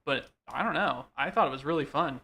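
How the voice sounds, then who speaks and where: A man's voice: a little high, brisk, creaky. A man co-hosting a live stream, chatting casually and filling his talk with ums and likes. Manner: chatty, filler-heavy, animated storytelling. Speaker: co-host. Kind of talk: casual chat.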